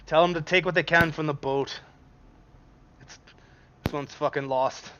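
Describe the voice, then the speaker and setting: A man voicing a rough, bitter male mercenary commander in a tabletop game. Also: on the high side, steady tone, unhurried, highs cut off, background noise, lightly acted. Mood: gruff.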